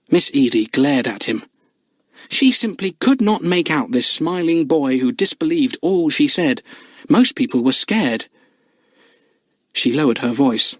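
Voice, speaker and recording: A man's voice: medium pitch, measured pace, no echo. A man narrating a children's book expressively. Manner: expressive storytelling. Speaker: audiobook narrator.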